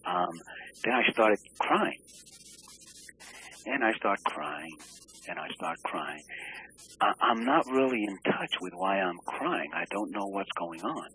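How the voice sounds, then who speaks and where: A man recounting a deeply personal experience in an interview, earnest and halting, searching for words with many restarts. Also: expressive, a bit bright, slight background noise, low-quality recording. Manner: earnest and emotionally open.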